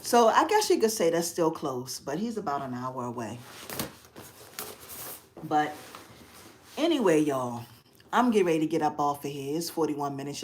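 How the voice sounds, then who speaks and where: A middle-aged woman hosts a casual live stream on her phone from a quiet bedroom at home. Her voice sits a little low, and she talks in a chatty, expressive way, laughing often. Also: slight background noise. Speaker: craft channel host.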